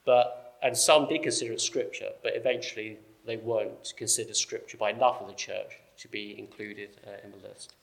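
A man's voice: lowish voice, steady tone, brisk, gravelly, few pauses. A man giving a conversational church teaching talk, explaining early Christian writings with frequent fillers. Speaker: preacher.

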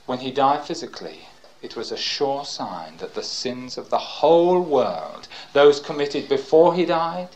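An older man preaching a sermon and reading scripture aloud. He talks fervently, breaks in with praise, and swings from loud cries to hushed tones. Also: medium pitch, very animated, measured pace, low-quality recording.

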